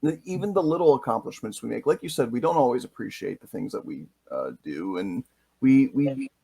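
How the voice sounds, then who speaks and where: A man's voice: mid-range voice, animated, a little fast, creaky, mellow, husky, dry recording. A man hosting a podcast interview, telling stories with enthusiasm and animation. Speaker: podcast host. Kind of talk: casual interview talk.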